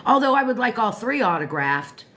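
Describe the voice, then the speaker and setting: An older woman from Florida with a low, deep voice, hosting her own show and chatting casually about a book, self-joking and talking straight to listeners. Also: sing-song, moderate pace, pushed and bright, slight background noise. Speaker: show host reviewing a book. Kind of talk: casual rambling monologue.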